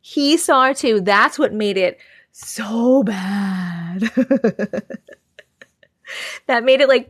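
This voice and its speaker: A woman's voice: on the high side, extremely slow, pauses often, husky, dry recording, studio quality. A woman hosting a live stream, reading viewers' scary stories aloud and reacting to chat. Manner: expressive, reacts with gasps and laughs between reading.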